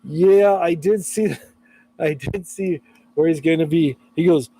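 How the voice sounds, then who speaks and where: A Californian man, hoarse from allergies, chats casually on a live stream and laughs often. His voice is on the high side and dark in tone, and he speaks slowly.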